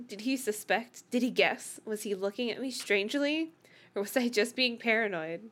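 A woman's voice: medium pitch, fairly bright tone. A woman co-hosting a podcast, reading a novel aloud casually with laughter slipping in.

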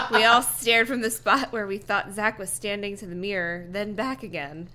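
A woman co-hosting a podcast, reading a story aloud in the first person and making dry, quick side remarks. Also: mid-range voice, sharp tone, slight background noise.

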